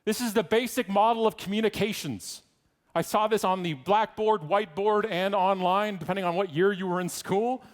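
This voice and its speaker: A man giving a conference keynote speech, an irreverent, joking storyteller with rapid, animated asides. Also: sits high. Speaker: keynote speaker.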